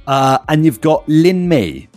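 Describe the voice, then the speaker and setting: Animated man, lively pitch. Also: slow pace, no room sound. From United Kingdom. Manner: playful, animated. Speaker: podcast co-host. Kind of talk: casual chat. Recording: faint music behind.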